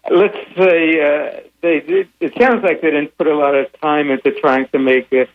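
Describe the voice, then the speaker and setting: An older man as a radio interview guest, answering in a measured way with many pauses and a dry humor. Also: on the high side, steady tone, phone-quality sound. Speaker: guest, founder of a secular advocacy group.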